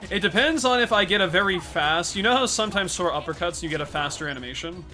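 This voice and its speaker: Casual young guy streamer, fairly high, bright voice, quiet game music underneath. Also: lively intonation, quick pace. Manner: laid-back, thanks viewers and explains game tactics. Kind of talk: casual livestream chat while speedrunning.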